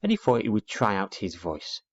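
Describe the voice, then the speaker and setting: A man narrating a children's storybook aloud in an expressive read-aloud manner, dull lo-fi recording. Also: lowish voice, normal speed.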